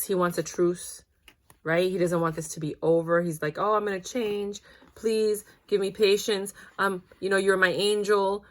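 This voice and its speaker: A woman giving a casual tarot reading, talking dramatically and acting out what the people in the cards might say, with slangy asides. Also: on the low side. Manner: dramatic, acts out quotes, slangy. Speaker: tarot reader.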